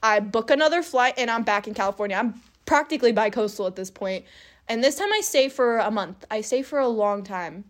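A woman's voice: on the high side, expressive, a little fast. Young woman telling a candid storytime. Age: young adult. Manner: candid, emotional, laughs while telling. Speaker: vlogger. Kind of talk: personal storytime.

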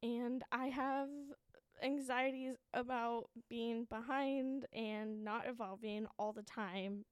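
A woman's voice: a little high, fairly even intonation, takes it slowly, smooth, no room sound. A woman in her early twenties hosting a podcast alone, talking candidly in a shaky, anxious voice, swearing often and laughing at herself. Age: 20s. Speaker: podcast host. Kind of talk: candid solo podcast monologue.

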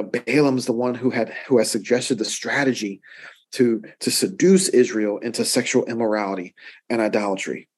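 A man's voice: mid-range voice, darkish tone, slightly rough. A male pastor teaching through a Bible chapter in a conversational way, often checking in with listeners and building emphasis through repetition. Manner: conversational, checks in with "right?" and stacks emphatic repeats.

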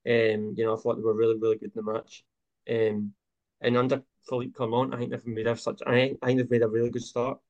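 A man's voice: medium pitch, flat delivery, quick pace, a little mellow, muffled recording. A man hosting a casual football podcast, talking with many hesitant fillers. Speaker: podcast host.

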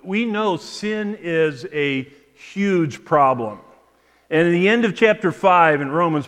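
A pastor preaching a sermon in a measured way, often repeating words as he restarts a phrase. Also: on the high side, a bit bright, long reverb tail. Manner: measured preaching with frequent word repetitions and restarts. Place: church sanctuary.

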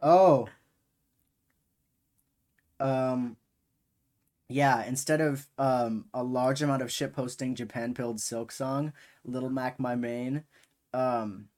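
A man's voice: medium pitch, fairly even intonation, takes it slowly, pauses often. Brash, sweary young male podcaster. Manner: swears a lot, bursts into loud yelling. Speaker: podcast co-host. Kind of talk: casual chat.

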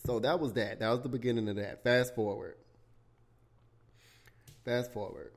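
A young man hosting a podcast, telling his own story casually and candidly, with lots of swearing and animated outbursts. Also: mid-range voice, moderate pace. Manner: candid, profane, animated retelling with bursts of shouting. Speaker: podcast host.

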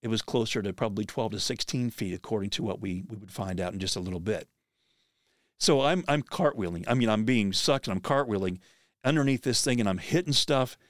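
A middle-aged man with a fairly low voice recounts a personal story as a podcast host. He tells it earnestly and vividly, often restarting his sentences. The sound is dry and close. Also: brisk, no room sound.

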